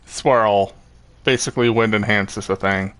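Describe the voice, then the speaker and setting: A man's voice: lowish voice, fairly even intonation, a little slow, fairly bright tone. A young man casually commenting on his gameplay, laid-back, joking and rambling. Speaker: gaming YouTuber.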